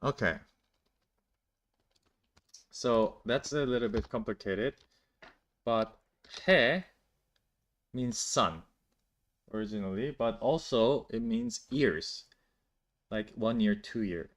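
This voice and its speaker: A man's voice: on the low side, slow, pauses often. A man teaching a language on a live stream, explaining in a loose, chatty way full of "like" and restarts and answering viewers' questions. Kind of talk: casual live-stream lesson.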